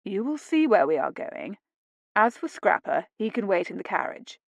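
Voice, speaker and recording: A playful young nobleman, calm and fond, teasing his wife gently, read by a woman in her own voice. Her pitch stays in a middle range, and the recording is dry and close. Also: normal speed, vocal fry, no room sound. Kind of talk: audiobook dialogue reading.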